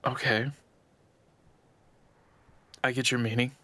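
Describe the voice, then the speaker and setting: A man role-playing his character in a tabletop game, speaking in an earnest, halting way. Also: mid-range voice, little pitch movement, bright, forceful tone, no echo. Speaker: player.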